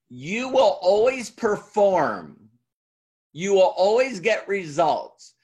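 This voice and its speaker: Brief: middle-aged man, motivational speaker, slow deliberate delivery, fairly high voice. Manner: emphatic, repeats lines, quizzes audience. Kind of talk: motivational stage talk.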